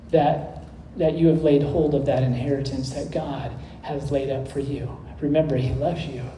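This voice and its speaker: A man preaching a sermon, telling a story and closing in prayer, earnest and measured, with small restarts. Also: fairly high pitch, dark tone, roomy sound, a little hiss or hum, poor audio.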